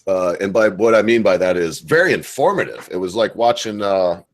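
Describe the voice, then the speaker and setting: A man's voice: low-pitched, animated, a little fast. A middle-aged man, hosting a casual online voice chat. He rambles, swears freely and talks with heavy sarcasm. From United States. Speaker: host. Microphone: computer mic in voice chat.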